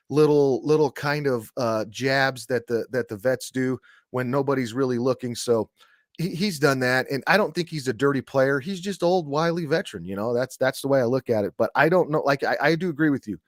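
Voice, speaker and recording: A man's voice: medium pitch, normal speed, no room sound, studio quality. A man co-hosting a casual sports podcast, who rambles with many restarts and repeats himself. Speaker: podcast co-host, middle school coach.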